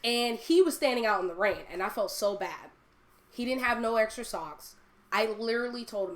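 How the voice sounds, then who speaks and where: Woman streamer just chatting, animated, laughs a lot, open about herself. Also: on the high side, moderate pace, very noisy. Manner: animated storytelling, laughs often; candid and confiding. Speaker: live streamer. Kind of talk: casual personal chat.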